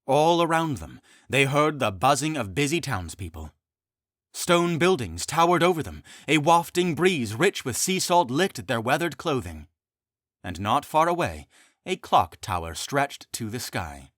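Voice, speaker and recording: A man narrating his own fantasy comedy audiobook in an expressive, animated way. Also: mid-range voice, unhurried, no echo, clean studio sound.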